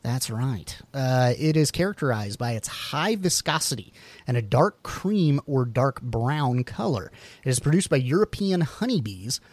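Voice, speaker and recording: A man's voice: mid-range voice, sing-song, a little slow, no echo. A man co-hosting a podcast, reading food facts aloud with jokey asides and the odd stumble over words. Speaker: podcast co-host.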